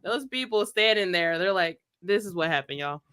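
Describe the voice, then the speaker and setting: A woman, a show producer telling a story in an animated way and acting out what people said. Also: fairly low pitch, normal speed, clear, resonant tone. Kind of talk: casual chat.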